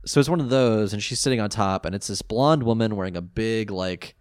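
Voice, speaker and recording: A man with a low voice recaps a cartoon episode in easy podcast chat. He gets animated and often leaps up into a high register when something tickles him. The mic is close and dry, with no room sound. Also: brisk, clear, resonant tone, dry recording. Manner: animated, jumps into high pitch when reacting. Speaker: podcast co-host.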